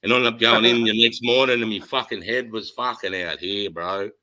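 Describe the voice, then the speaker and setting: An Australian man spins a rough, profane yarn with lots of energy. His voice sits a little low yet cuts through bright and forceful. He talks loosely and casually, like someone sharing stories with a mate. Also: brisk, low-quality recording. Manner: animated, swears heavily. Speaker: host. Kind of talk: casual chat, storytelling.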